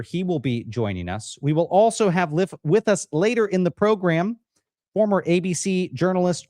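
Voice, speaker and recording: A man co-hosting a live-streamed political talk show, talking in an energetic, upbeat way over a video call. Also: on the high side, no echo, clean studio sound. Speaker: co-host.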